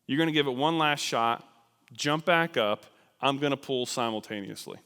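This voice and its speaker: A man voicing his steady climbing partner, who calls out reassuring commands from above. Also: mid-range voice, moderate pace, smooth. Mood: commanding. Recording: long church reverb.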